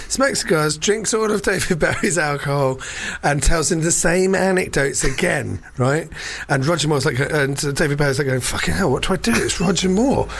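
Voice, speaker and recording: A man's voice: fairly high pitch, a bit bright, a little hiss or hum. A man telling a story in casual chat, rambling with fillers and laughs.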